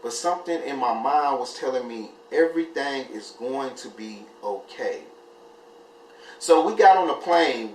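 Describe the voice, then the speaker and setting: Excitable man telling a story in an echoey room. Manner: animated, jumps high when acting out his own panic. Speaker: vlogger. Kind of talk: casual storytelling. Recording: echoey room, mic at a distance, faint hiss.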